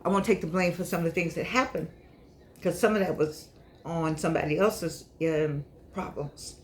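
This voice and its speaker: Speaking to camera in a lowish, fairly even voice at a moderate pace, an older vlogger and author delivers a casual monologue to her viewers. She comes across as chatty and scolding, repeats herself, and sounds slightly unclear due to missing teeth.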